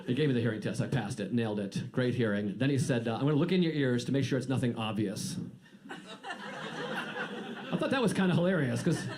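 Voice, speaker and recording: A man's voice: medium pitch, fairly quick, a crowd in the background. A man doing a stand-up comedy set, telling dry, self-deprecating stories. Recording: noisy live set with audience laughter. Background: audience laughter.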